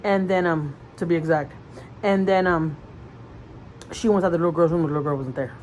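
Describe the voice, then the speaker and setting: A woman's voice: on the low side, a little fast, a little mellow, slight background noise, low-quality recording. A woman vlogger retelling a story in casual chat, rambling with fillers and restarts, earnest and conversational. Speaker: mother vlogger.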